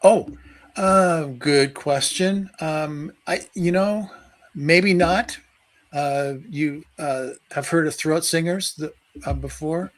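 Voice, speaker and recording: Slow, halting male storyteller. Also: on the high side, poor audio. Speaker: guest researcher. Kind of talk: telling a personal story in a live-stream interview.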